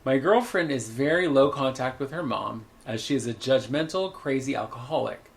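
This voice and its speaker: Gravelly-voiced guy, podcast cohost, dry wry jokes, reads stuff out loud. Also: medium pitch, normal speed, slight background noise. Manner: wry, dryly joking, reads aloud. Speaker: podcast co-host. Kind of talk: casual chat.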